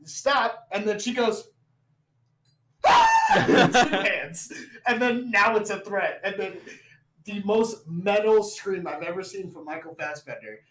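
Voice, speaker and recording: A man co-hosting a casual movie chat, laughing often and acting out scenes with loud, swearing quotes. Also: high-pitched, normal speed, roomy sound, slight background noise, low-quality recording. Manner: animated, laughing, acts out scenes with shouted quotes. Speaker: podcast co-host.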